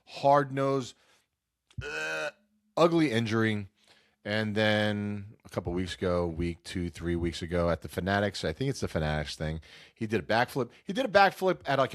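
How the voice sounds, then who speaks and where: A man's voice: on the low side, no room sound, studio quality. A man hosting a casual sports talk show, sounding nasal and stuffed up from a cold, rambling and cutting himself off. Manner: rambling, self-interrupting, acts out quotes. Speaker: sports podcast host.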